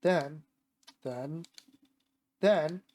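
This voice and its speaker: A man with a sore voice voicing a chatty, excitable young woman while reading a visual novel aloud. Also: on the high side, drawn-out words. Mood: eager.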